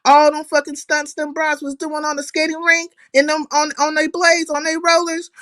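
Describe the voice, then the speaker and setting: A woman's voice: high-pitched, level tone, moderate pace, fairly bright tone, dry recording. A woman hosting a casual livestream, talking animatedly, cursing freely and greeting viewers by name. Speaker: livestream host.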